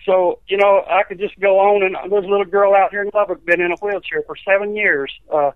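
A man's voice: high voice, fairly even intonation, a little fast, clear, resonant tone, no echo. A man, an evangelist telling healing testimonies in a rambling, folksy way, acting out the quotes. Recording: tinny dry phone line.

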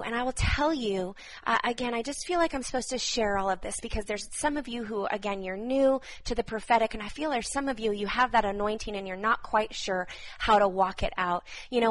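A woman in her thirties speaking fervently as she gives prophetic words to viewers on a live stream, repeating phrases with soft laughs. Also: a little high, rough recording.

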